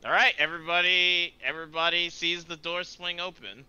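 A man running a tabletop game as game master, halting and searching for words as he describes scenes. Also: fairly high pitch, steady tone, sharp tone, clean tone, poor audio.

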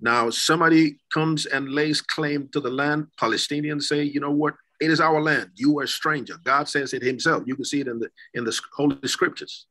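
A man's voice: on the high side, steady tone, moderate pace, hardly any pauses, sharp tone, poor audio. A man hosting a church talk show, reading scripture aloud and then putting a question to his guest. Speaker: host.

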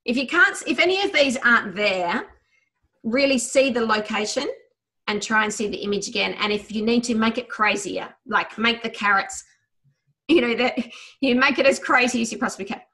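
A woman teaching a memory exercise over a video call, guiding listeners through a visualization in a quick, enthusiastic, chatty way. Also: fairly high pitch, sharp tone. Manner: quick, enthusiastic talker who tries to slow down; chatty, with many fillers. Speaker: memory trainer. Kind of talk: guided visualization lesson.

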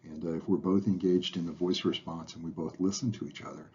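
A man narrating lecture slides in a relaxed way, filling pauses with "uh" and letting phrase ends trail off softly. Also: deep voice, slightly rough. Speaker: instructor. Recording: dull lo-fi recording.

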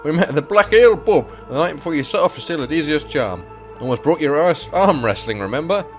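A man voicing a hearty, loud woman blacksmith's daughter in a game, in a put-on regional accent. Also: a little high, quick pace, faint music behind, voice pushed up, close to an everyday voice. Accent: put-on British regional accent. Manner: loud, bellowing, excited.

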